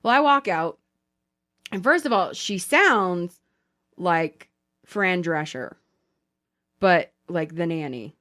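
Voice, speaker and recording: A woman's voice: fairly low pitch, slow pace, long pauses. A woman hosting a podcast, telling stories in casual chat with plenty of swearing. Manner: animated, profane storytelling. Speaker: podcast host.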